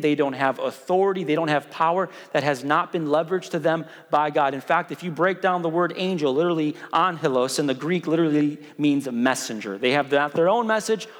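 A man preaching a sermon as a pastor, conversational and emphatic, with jokes mixed in. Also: on the high side. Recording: long reverb of a large hall.

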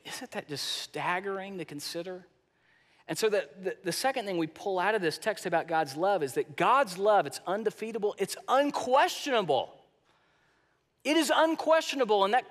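The long echo of a big hall fills this clip of a male pastor with a high voice. He preaches forcefully, shifting from loud statements to hushed ones and repeating words often.

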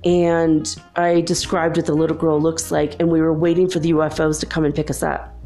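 A woman's voice: sits low, flat delivery, a little fast, mellow, soft background music. A woman telling a personal story in a rambling, earnest way, with many asides.

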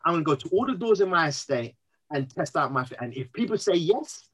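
A man, speaking as a podcast guest, earnest and emotional, telling his story in an animated way. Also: a little high, brisk, breathy edge, low-quality recording. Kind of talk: candid interview conversation.

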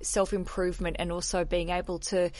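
A woman's voice: fairly low pitch, flat delivery, brisk, darkish tone, no room sound. A woman hosting a podcast, chatting candidly and swearing casually. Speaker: podcast host.

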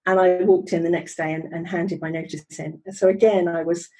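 A middle-aged woman recounting her life story as an interview guest. Her voice is soft, husky and mellow, and she talks in a chatty, wry way, stopping and restarting often. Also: on the low side, flat delivery, brisk, low-quality recording. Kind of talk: conversational storytelling.

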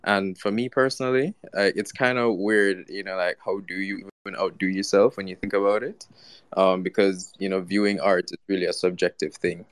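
A man with a very low voice talks reflectively about his craft in a measured way. The sound is dry and close. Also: steady tone, dry recording. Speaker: artist guest. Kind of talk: casual online group chat.

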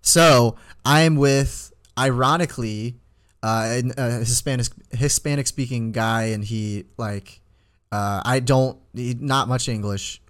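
A man's voice: medium pitch, steady tone, a little slow, a bit bright. A young man in his twenties, co-hosting a podcast and telling a rambling story full of fillers in casual chat. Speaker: podcast co-host.

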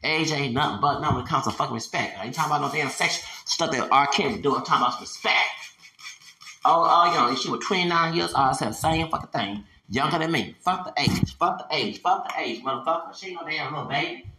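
A man in his forties rants on his own podcast in an angry, profane stream. His voice sits a little high and comes out bright and forceful. He stammers and restarts, then swings into loud, heated bursts. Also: fast. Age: 40s. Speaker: podcast host. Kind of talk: solo podcast rant.

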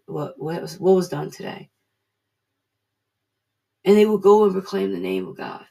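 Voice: medium pitch, creaky, darkish tone, husky. A speaker giving an informal devotional talk, earnest and repeating key phrases for emphasis.

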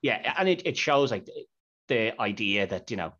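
A man's voice: lowish voice, big pitch swings, normal speed, fairly bright tone. A man hosting a podcast, chatting casually about a film and retelling scenes with quoted lines. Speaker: podcast host. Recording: dull lo-fi podcast audio.

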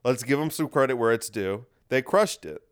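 A man's voice: medium pitch, expressive, moderate pace, smooth. A man hosting a podcast, talking in a casual, wry and rambling monologue that circles back and repeats itself. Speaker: podcast host.

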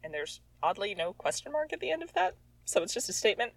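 A woman's voice: mid-range voice, big pitch swings, fast talker, vocal fry, dry recording, low-quality recording. A woman reading her own childhood story aloud, with sarcastic, exasperated comic asides. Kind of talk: comedic reading with commentary.

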